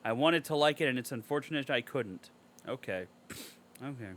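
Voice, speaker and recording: This co-host of a laid-back film podcast reads out a review and tears into it with sarcastic, swearing outbursts. He speaks at normal speed in a mid-range, fairly bright voice with lively intonation, and there's slight background noise.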